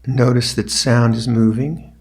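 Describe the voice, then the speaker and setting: An older man, a meditation teacher, giving a reflective dharma talk on a retreat, speaking slowly with pauses and restarts. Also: mid-range voice, flat delivery, a little mellow.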